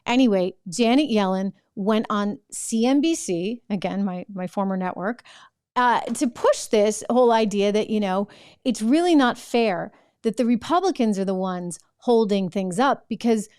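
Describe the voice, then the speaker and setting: A woman's voice: mid-range voice, moderate pace, a little mellow, clean tone. A middle-aged woman hosting a political commentary show, talking in a sarcastic, mocking way.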